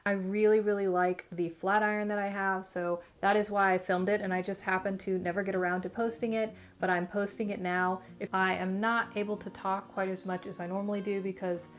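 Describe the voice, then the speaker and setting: A woman's voice: medium pitch, little pitch movement, fairly quick, few pauses. A young Californian woman in a casual vlog, chatty and rambling with lots of "like", her speech slightly muffled after dental surgery. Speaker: beauty vlogger. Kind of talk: casual chat to camera.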